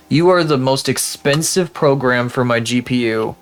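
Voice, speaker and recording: A man talks casually into a desk microphone at his home streaming setup, rambling and self-deprecating as he scolds his own programs. His voice sits at an ordinary middle pitch. Soft music plays faintly underneath. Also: moderate pace, hardly any pauses, smooth. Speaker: live streamer. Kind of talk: casual live-stream chat.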